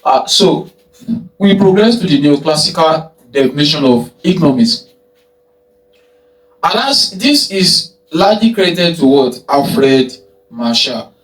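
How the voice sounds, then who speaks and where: A man's voice: on the high side, very animated, unhurried, long pauses. A man teaching an economics lesson, who poses rhetorical "what?" questions, answers them himself and repeats key phrases. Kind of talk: recorded lecture. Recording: echoey room, mic at a distance.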